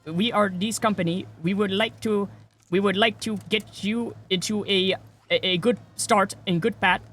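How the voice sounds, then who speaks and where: A man mimicking a halting scam caller. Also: high-pitched, steady tone, a bit bright, soft background music, pitched above the performer's own voice. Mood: stilted. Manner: slow, hesitant, stumbling over scripted lines.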